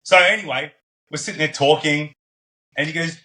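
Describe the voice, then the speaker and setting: A man's voice: on the high side, fairly quick, pauses often. A man, a podcast guest, telling stories casually and acting out the voices of the people in them. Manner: animated, acts out quoted voices. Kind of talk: casual storytelling.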